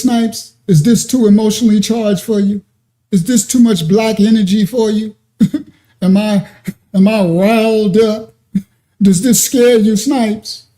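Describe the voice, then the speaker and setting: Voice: mid-range voice, unhurried, dark tone. A livestream host reading chat comments aloud and mocking a troll, laughing often between taunting questions.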